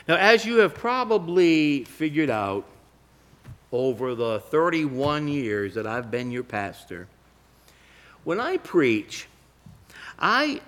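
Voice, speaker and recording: Man, pastor, sermon, bright voice, lively pitch, emphatic slow stresses. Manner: emphatic, slowing down on key phrases. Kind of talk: sermon with scripture reading.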